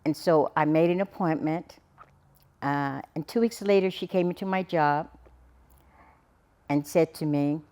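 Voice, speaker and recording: A middle-aged woman, a podcast guest, telling her personal story in an earnest, halting way with frequent restarts. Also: low-pitched, darkish tone. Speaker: guest, cancer survivor.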